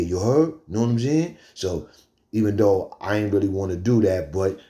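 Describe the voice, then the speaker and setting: A young man from the Bronx telling a prison war story in animated street slang. His voice sits low and warm, and he keeps pulling the listener in with quick check-ins. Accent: New York, Bronx. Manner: animated, slangy, fillers like "you heard?".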